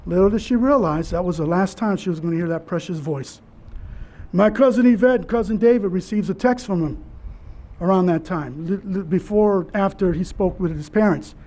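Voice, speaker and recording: Man, keynote speaker at a memorial, high voice, earnest and halting, restarts often. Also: darkish tone. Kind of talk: personal memorial speech.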